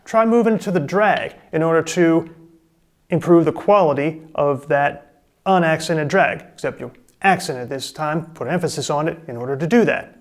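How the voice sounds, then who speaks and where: A man's voice: on the high side, normal speed, background noise. A man hosting a drum lesson, coaching step by step in a plain, encouraging way. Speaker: drum teacher. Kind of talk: casual instructional talk.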